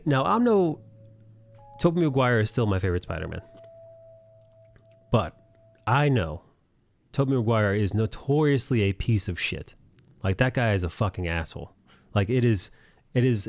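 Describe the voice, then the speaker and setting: A man's voice: fairly low pitch, a little mellow. A man hosting a live drawing stream, chatting casually and ranting with a lot of swearing and disbelief. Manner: profane, ranting, incredulous.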